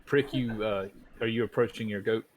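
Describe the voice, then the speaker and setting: A man narrating as game master of a tabletop game, relaxed and hesitant, with frequent ums. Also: on the low side, normal speed.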